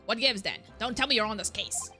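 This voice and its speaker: A woman voicing a gruff male police inspector in a lowered, scolding voice, with game music behind. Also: a little fast, bright, forceful tone.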